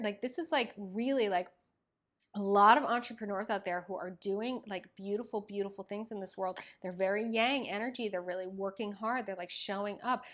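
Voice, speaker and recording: Gushing young woman reading tarot. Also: mid-range voice. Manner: gushing, effusive, many fillers. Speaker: tarot reader.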